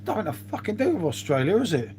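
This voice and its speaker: A man's voice: high-pitched, very animated, fast, darkish tone, a little hiss or hum. A middle-aged man, chatting casually to viewers on his live stream, swearing freely and calling them mate.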